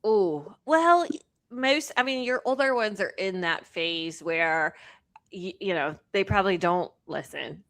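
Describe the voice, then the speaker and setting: A woman's voice: lowish voice, lively intonation, a little slow, a bit bright, no room sound. A woman co-hosting a podcast, reacting to her co-host with upbeat jokes. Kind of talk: casual chat.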